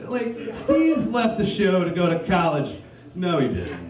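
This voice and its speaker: A man works through a crude, self-deprecating stand-up set, his fairly high voice swinging widely up and down. He sounds a little distant from the mic in an echoey club room. The crowd's laughter rings out clearly around him. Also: sing-song, a little slow. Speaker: stand-up comedian. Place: comedy club stage with live audience.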